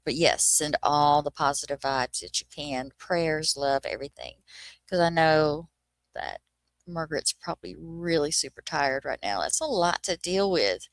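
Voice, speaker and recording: Woman streamer, low voice, casual profane rant to viewers, dry recording. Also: animated, measured pace, dry recording. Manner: ranting, swears freely, drops into a whisper. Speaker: livestream host. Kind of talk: casual livestream chat.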